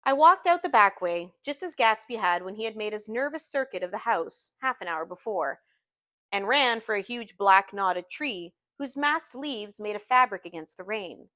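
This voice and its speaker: A woman teacher reading a novel aloud to her class in an expressive, measured storytelling manner. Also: mid-range voice, dry recording, studio quality.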